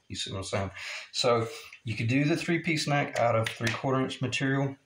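A man's voice: medium pitch, brisk, a little hiss or hum. A man who builds guitars, teaching in a casual, rambling way while he works, often repeating himself. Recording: echoey workshop room.

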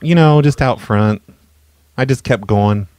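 A man makes prank phone calls, stammering and apologizing in a deadpan way. His voice sits at an ordinary middle pitch. It is recorded close and dry, with no room sound. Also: unhurried, smooth, no room sound. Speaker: prank caller and show host. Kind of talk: prank phone call comedy.

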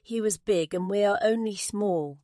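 A woman's voice: medium pitch, moderate pace, warm tone, no room sound, studio quality, lightly acted. A woman voicing a flock of small angry birds in a raised, earnest voice.

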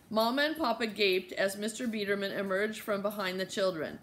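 A woman narrating a children's novel with lively, storytelling delivery. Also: medium pitch, a little fast, few pauses, a little hiss or hum. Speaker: audiobook narrator. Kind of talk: scripted narration.

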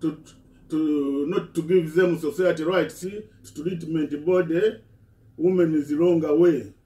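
Slow, halting man speaking from a distance. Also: a little high, fairly even intonation, dark tone. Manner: halting, repeats words and restarts. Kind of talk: impassioned speech. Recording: echoey room, voice from a distance.

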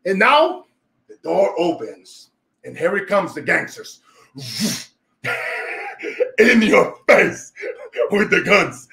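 A Brazilian man hosting his own show tells a motivational story in a fairly high, gravelly voice with a Brazilian Portuguese accent. He speaks slowly with long pauses, yet stays emphatic, lively and energetic, often breaking into laughter.

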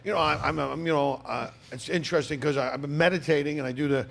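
A middle-aged man with a high, gravelly voice and a husky, rough edge. He rants profanely and rambles in casual podcast chat, now and then bursting into loud mockery. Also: fairly even intonation, fast. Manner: profane, rambling rant, swings into loud mocking outbursts. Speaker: comedian guest.

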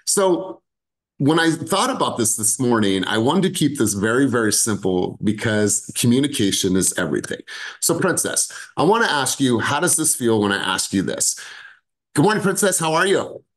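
Lively American man coaching a sales team, swinging pitch, demonstrating tones. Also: moderate pace, rough recording. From United States. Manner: animated, acts out tones of voice. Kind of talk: live team coaching session.

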